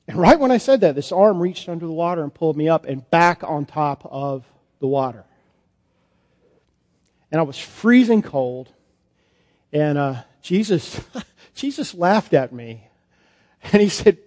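A man, a priest, performing a first-person Bible monologue in a sermon, conversational and halting with fillers. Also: a little high, animated, darkish tone. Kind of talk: dramatic monologue as Peter in a sermon. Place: church sanctuary. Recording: long church reverb.

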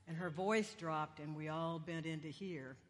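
A woman's voice: sits low, steady tone, measured pace. A woman preacher giving a sermon in a conversational, self-deprecating way, with wandering humorous asides. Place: church sanctuary. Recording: long church reverb.

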